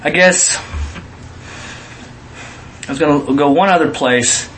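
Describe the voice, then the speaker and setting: A middle-aged man preaches in a loose, conversational way, weaving personal stories into his sermon. His voice sits fairly high for a man. He talks with animation and slips into little acted quotes. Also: takes it slowly, fairly bright tone, slight background noise, poor audio. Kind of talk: storytelling sermon.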